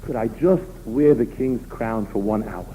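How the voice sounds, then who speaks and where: A man's voice: on the low side, a little slow, mellow, slight background noise, pitched below the performer's own voice, natural voice. A man playing a loyal army general who pleads earnestly with his king. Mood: pleading. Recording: tinny phone-line recording.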